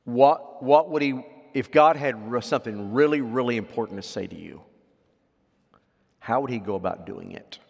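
Male pastor, lively sermon delivery, medium pitch, long hall reverb. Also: moderate pace, creaky, husky. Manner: lively, rising to loud emphatic readings then dropping to quiet asides; asks the congregation questions.

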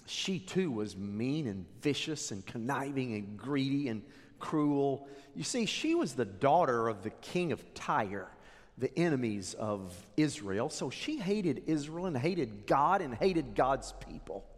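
A man preaching a sermon, retelling a scripture story with animated, dramatic delivery. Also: mid-range voice, a little slow. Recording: echoey hall reverb.

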